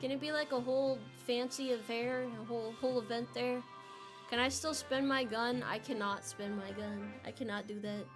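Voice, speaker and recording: A young adult woman, a VTuber streamer, chatting casually with her viewers, animated and flustered, laughing often and repeating words when worked up. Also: fairly high pitch, moderate pace, over music. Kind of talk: casual livestream chat.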